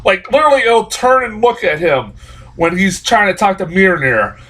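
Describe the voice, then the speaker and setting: A young man rants through a movie review with a high, husky voice. His tone swings widely up and down. He curses constantly and trips over restarts as his exasperation builds. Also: big pitch swings, normal speed, sharp tone, rough recording. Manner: exasperated profane ranting; rambling with restarts and laughs. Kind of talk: casual spoken review.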